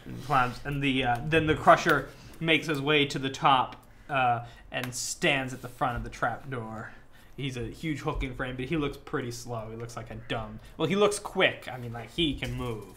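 A man's voice: mid-range voice, normal speed, sharp tone, slight background noise. A man narrating as game master of a tabletop game, in casual, filler-heavy narration.

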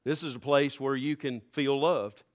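A male pastor preaching a sermon, rising fervently to near-shouts. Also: mid-range voice, steady tone, normal speed.

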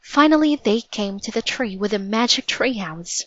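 A woman narrating a storybook in a measured, vivid read-aloud manner. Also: medium pitch, expressive, fairly bright tone, no echo, dull audio.

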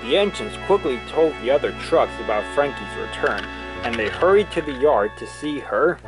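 Storybook narrator, man, mid voice, steady, music bed. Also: medium pitch, normal speed, poor audio.

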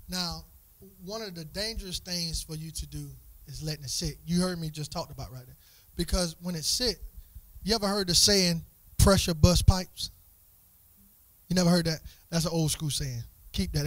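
High, bright-voiced man teaching youth. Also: dry recording. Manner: repeats words in quick restarts, asks the group questions. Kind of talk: conversational church teaching to young people.

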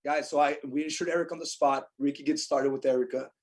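A young adult man telling a lively story as a podcast guest, acting out what others said. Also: a little high, fast. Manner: animated storyteller, acts out quotes. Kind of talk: storytelling in casual chat.

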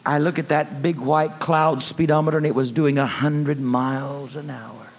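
High-voiced preacher with folksy storytelling. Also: male voice, steady tone, normal speed. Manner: folksy, calls listeners honey, builds to shouted praise. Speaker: evangelist. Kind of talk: sermon storytelling. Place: church. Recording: long reverb of a church hall.

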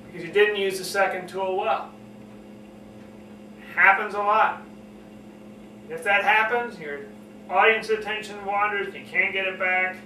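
A man with a high, bright voice coaches public speaking and earnestly repeats his key points. He keeps showing how to drop his voice low and slow it down. The recording is roomy and set back from the mic, with a faint hiss behind it. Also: distant mic. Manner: earnest, repetitive, demonstrates lowering and slowing his voice. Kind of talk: spoken lesson to camera.

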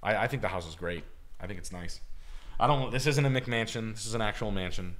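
Low, tense-voiced man rambling. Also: brisk, fairly bright tone. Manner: rambling, profane, opinionated. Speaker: co-host. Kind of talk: livestream casual chat.

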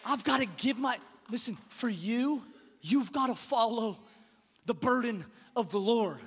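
High-voiced fervent preacher man. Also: expressive, husky, big-room sound. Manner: impassioned preaching, swinging between hushed and shouted; repeats words in quick bursts. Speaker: pastor. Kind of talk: sermon.

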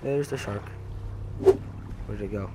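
Young man, gaming commentary, low voice, rambling and repeating words, noisy game sound behind. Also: takes it slowly. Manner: jumpy reactions to in-game scares. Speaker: gaming channel host. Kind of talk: casual let's-play commentary.

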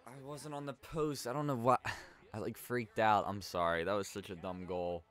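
This casual let's-play commentary comes from a young YouTuber telling stories over a hockey video game. His fairly low voice is steady and fairly bright, at a normal pace, and his rambling chatter is peppered with "like" and sudden frustrated outbursts at his errors.

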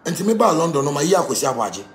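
A Ghanaian-accented man, a musician, in a heated rant that switches between pidgin and English and often breaks into shouting. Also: fairly high pitch, sing-song, very fast, roomy sound, slight background noise. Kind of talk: angry rant.

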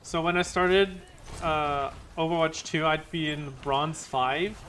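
A man streaming a competitive shooter game, chatting to viewers with excitable exclamations and self-mocking jokes. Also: fairly high pitch, slow. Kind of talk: live gaming stream commentary.

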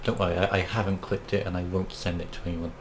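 Man, casual podcast banter, dry teasing, lowish voice. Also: flat delivery, quick pace, a crowd in the background.

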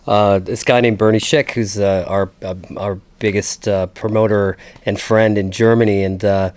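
A man's voice: lowish voice, flat delivery, darkish tone. A man, a producer and guitarist from Canada, chatting loosely in a studio interview with lots of fillers. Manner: laughing, halting, many fillers. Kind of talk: casual chat. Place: recording studio lounge.

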